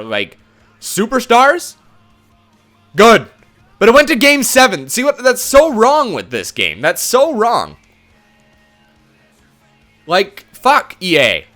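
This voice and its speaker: Medium-pitched and sharp in tone, a young man hosts a gaming video of himself playing hockey. His commentary is a frustrated rant full of curses.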